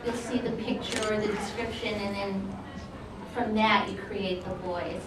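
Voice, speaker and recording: A voice actress on a convention panel, making brief, matter-of-fact remarks. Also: female voice, mid-range voice, steady tone, a little slow, heavy background noise. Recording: echoey hall, distant mic, loud crowd.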